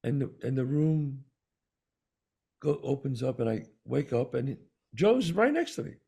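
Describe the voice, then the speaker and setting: A man with a New York accent, co-hosting a talk show and telling a personal story in an animated way, acting out the voices of the people in it. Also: medium pitch, unhurried, gravelly, husky. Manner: animated storyteller, acts out quoted dialogue. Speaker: podcast co-host. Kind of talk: storytelling in casual conversation.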